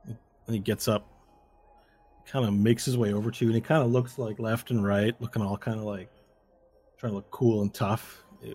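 A man's voice: on the low side, a little mellow, slightly rough. A man narrating as game master of a tabletop game, rambling with many fillers.

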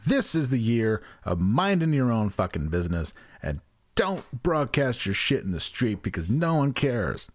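A man's voice: mid-range voice, big pitch swings, moderate pace, no room sound. A man co-hosting a casual comedy podcast, ranting with profanity and sarcasm. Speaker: podcast co-host.

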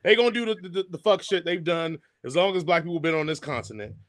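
A man's voice: on the high side, fast. A man co-hosting a casual podcast, talking emphatically and joking. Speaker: podcast co-host.

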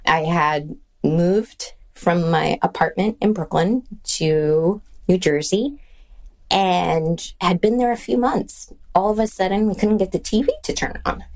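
Lower-voiced woman telling a wry story. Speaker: mother sharing a story. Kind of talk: casual anecdote.

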